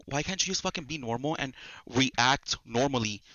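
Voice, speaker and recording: A man's voice: medium pitch, expressive, moderate pace, bright, forceful tone, dry recording, highs cut off. A young man hosting a casual solo podcast at home, often repeating words and restarting his sentences. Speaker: podcast host. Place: at home in a busy house.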